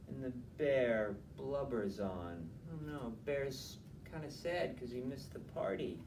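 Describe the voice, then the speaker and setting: A man reading a picture book aloud to children at a library, gentle and chatty, with side remarks to his young listeners. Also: mid-range voice, a little hiss or hum. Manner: slow, gentle and chatty, adding asides to children. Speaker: library storyteller. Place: library room. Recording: echoey room, mic from a distance.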